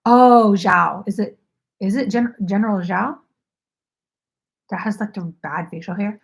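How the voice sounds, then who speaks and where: With a mid-range, creaky voice and a slightly slow pace, a woman rambles through a casual home livestream about knitting. "Like" turns up constantly in her chatty talk.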